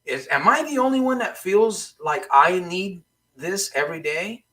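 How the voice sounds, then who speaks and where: A man's voice: high-pitched, lively intonation, a little slow, a bit bright. A man coaching live on a broadcast, talking loosely, repeating questions to his viewers and often restarting his sentences. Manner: rambling, repeats questions to the audience, frequent restarts. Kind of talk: casual motivational livestream talk.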